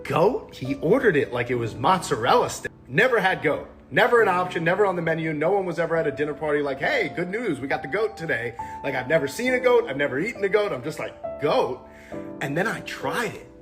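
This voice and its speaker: A man from the United States telling a comic story, animated and incredulous, acting out his own reactions. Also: a little high, fast talker, few pauses, over music.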